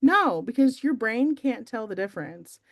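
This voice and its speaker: A woman's voice: fairly high pitch, expressive, moderate pace, muffled recording. A young adult woman giving a casual, chatty motivational talk to her team, self-deprecating and full of fillers. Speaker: team meeting speaker.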